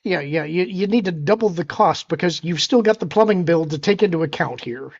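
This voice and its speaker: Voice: medium pitch, fairly quick, creaky, a little mellow. Teasing co-host on a muffled line. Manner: teasing, dry. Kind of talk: casual live-stream chat.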